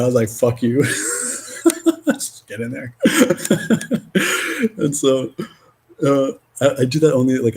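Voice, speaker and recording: A man in a casual spiritual vlog, reading oracle cards aloud, rambling and swearing, with loud and soft stretches. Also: medium pitch, husky, rough recording. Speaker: spiritual card reader.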